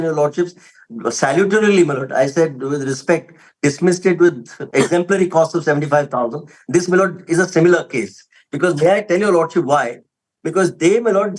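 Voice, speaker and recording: Indian English advocate, deferential and emphatic. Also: male voice, fairly high pitch, low-quality recording. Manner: deferential, peppered with "my lord", emphatic. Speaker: advocate arguing for a respondent. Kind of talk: formal courtroom argument. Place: courtroom.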